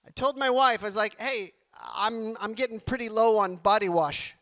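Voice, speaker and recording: A man doing a stand-up comedy set on a club stage, animated and rattling off long lists quickly. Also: sits high.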